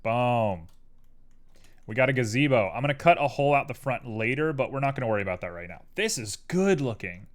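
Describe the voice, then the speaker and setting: A man's voice: mid-range voice, a little fast. Rambling young man streaming, keyboard clicks. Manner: rambling, tangential, animated. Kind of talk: casual live-stream chat while 3D modeling. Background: keyboard clicks and typing.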